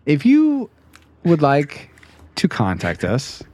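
A man's voice: fairly high pitch, huge pitch swings, takes it slowly, darkish tone. A man hosting a casual podcast chat, rambling with frequent restarts and easy laughter. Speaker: podcast host.

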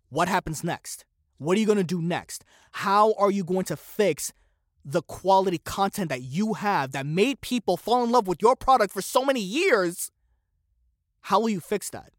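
A man's voice: high voice, no echo, studio quality. A man hosting a solo commentary podcast, opinionated and sarcastic, firing off one rhetorical question after another. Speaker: podcast host.

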